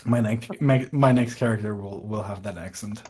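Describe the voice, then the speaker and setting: A man's voice: on the low side, mellow, slightly rough, faint music behind. A man playing in a tabletop game, chatting casually and often restarting his sentences. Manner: halting, repeats words while thinking. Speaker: player. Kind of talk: casual chat.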